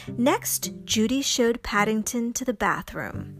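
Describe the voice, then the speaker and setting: Lady reading a kids story, high voice, lively, faint music behind. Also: measured pace. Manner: expressive, lively. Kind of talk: children's story read-aloud.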